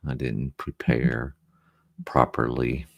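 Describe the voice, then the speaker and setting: A man with an extremely deep voice and a gravelly, creaky edge chats casually on a livestream from his room at home. He speaks slowly and sounds distracted and apologetic as he fiddles with his setup. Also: flat delivery. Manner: distracted, apologetic, fixing his audio on air. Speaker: livestream host.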